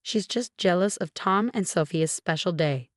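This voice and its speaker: A woman lends her low voice to a haughty mother-in-law who speaks in smooth, icy tones. Every word comes out calm and dismissive, and the reading is dry and close. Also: normal speed, no room sound, close to an everyday voice. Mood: cold, dismissive. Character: cold, snobbish older mother-in-law.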